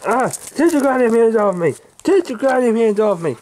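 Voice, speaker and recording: A man voicing a belligerent loudmouth who refuses to be thrown out, shouting, swearing and squealing for help in a voice pushed far above his own. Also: fairly high pitch, wildly swooping pitch, moderate pace. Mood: panicked shouting.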